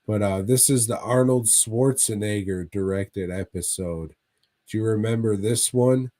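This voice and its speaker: A man's voice: on the low side, a little slow, mellow. A man co-hosting a casual movie review podcast, retelling plots in a rambling, profane way. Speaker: podcast co-host.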